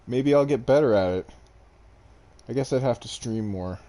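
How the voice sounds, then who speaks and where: A man's voice: mid-range voice, moderate pace, dark tone. A young man streaming gameplay to a desk mic, chatting casually with viewers in a rambling, self-deprecating way. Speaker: game streamer. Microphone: desk microphone.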